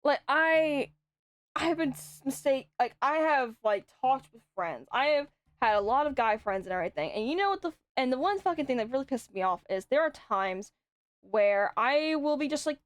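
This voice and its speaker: A woman's voice: high-pitched, lively intonation, normal speed, no room sound. A young adult woman streaming, chatting casually and telling rambling stories with frequent swearing. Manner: swears often, rambling storytelling. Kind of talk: casual chat.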